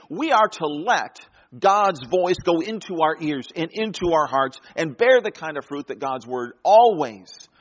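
A man preaching a sermon, swinging between loud, emphatic lines and hushed, quiet ones. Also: a little high, highs cut off.

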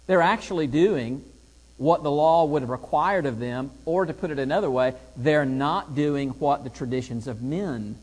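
Emphatic male Bible teacher in a hall. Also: fairly high pitch. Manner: emphatic, rhetorical questions, reads scripture aloud. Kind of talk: Bible lesson lecture.

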